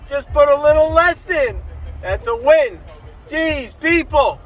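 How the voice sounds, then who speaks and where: A man's voice: extremely high pitch, lively intonation, unhurried, faint music behind, low-quality recording. A man in his car, ranting in a preachy, emphatic way. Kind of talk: ranting motivational clip.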